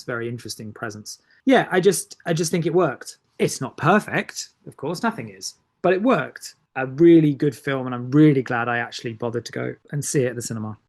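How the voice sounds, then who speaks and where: A man's voice: mid-range voice, brisk. A man co-hosting a casual film podcast, dry and understated. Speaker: podcast co-host.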